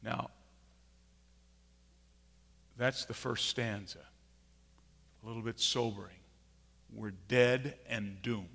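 A man preaching a sermon with emphatic, repeated phrases, swinging from quiet to loud. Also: lowish voice, steady tone, slow pace, creaky, long pauses. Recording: long hall reverb.

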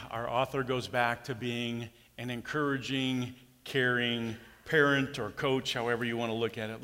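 A man's voice: mid-range voice, pushed and bright, long reverb tail. A middle-aged man preaching a sermon in a folksy way, telling personal stories and acting out quotes. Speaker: pastor.

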